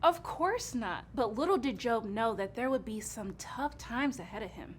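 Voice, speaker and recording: A woman co-hosting a kids' church show, patiently telling a Bible story in a gentle, amused way. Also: fairly high pitch, expressive, normal speed, husky.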